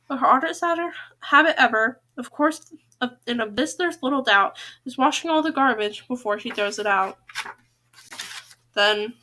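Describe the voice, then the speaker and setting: A woman's voice: sits high, bright, forceful tone. A woman hosting a podcast, reading humorous children's poems aloud with chatty asides between them and stumbling over tongue twisters.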